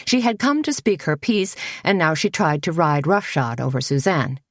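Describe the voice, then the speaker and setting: Woman audiobook narrator, low and measured, dry studio read. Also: sing-song, no room sound. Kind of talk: scripted narration of a cozy mystery.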